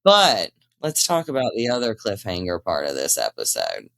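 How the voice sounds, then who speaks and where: A man co-hosting a casual recap chat, retelling scenes in an animated way and acting out characters' lines. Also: deep voice, moderate pace, gravelly. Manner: animated storyteller who acts out characters' lines. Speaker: co-host of a TV drama recap show.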